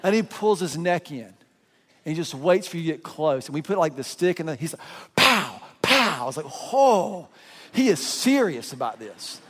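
A man's voice: fairly high pitch, very animated, normal speed, a little mellow. A man preaching a sermon as a pastor, telling a story with animation and acting out voices. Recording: long hall reverb.

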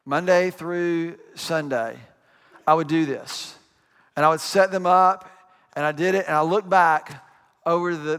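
High-voiced male pastor, conversational sermon. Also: a bit bright, clear, resonant tone, big-room sound. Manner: conversational preaching with asides and quick acted quotes.

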